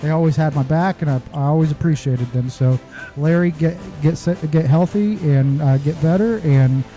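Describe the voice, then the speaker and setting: Man, warm dark tone, casual podcast co-host, stumbling restarts. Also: a little high, normal speed, soft background music. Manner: rambling, many restarts and fillers.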